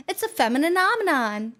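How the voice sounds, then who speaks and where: A woman's voice: high voice, pushed and bright. A woman streamer chatting casually with her viewers, playful, giggly and teasing. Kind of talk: casual chat.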